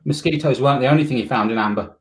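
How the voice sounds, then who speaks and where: A man telling pun jokes as a contestant on a video call, with a dry, unhurried delivery. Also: medium pitch, slight background noise.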